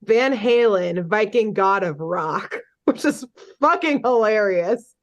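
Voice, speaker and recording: A young adult woman co-hosting a podcast, casually recapping a cartoon episode in an animated, chatty way and swearing freely. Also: mid-range voice, takes it slowly, lo-fi sound. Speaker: podcast co-host.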